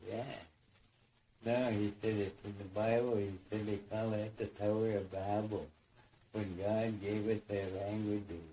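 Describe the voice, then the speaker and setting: A man's voice: lowish voice, mellow, a little hiss or hum, poor audio. A man telling a dream story in a rambling way, repeating phrases and acting out voices. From United States.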